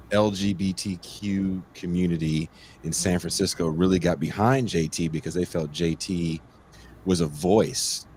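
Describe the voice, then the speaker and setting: A man hosting a podcast, loud and joking, chatting casually and slipping into silly voices. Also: low voice, a little hiss or hum. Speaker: podcast host.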